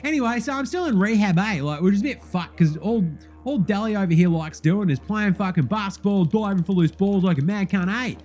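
A brash, foul-mouthed Australian bogan bloke, as a man puts him on, loud and rowdy in his talk. His voice sits high and keeps swearing. Faint music runs underneath. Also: expressive, brisk. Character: brash crude Aussie bogan basketballer man.

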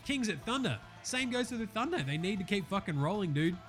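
A man's voice: high voice, sing-song, brisk, a bit bright, soft background music. A man with an Australian accent hosting a basketball podcast, casual and slangy, swearing freely. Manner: swears freely, laid-back slangy banter. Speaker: podcast host. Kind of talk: casual sports podcast chat.

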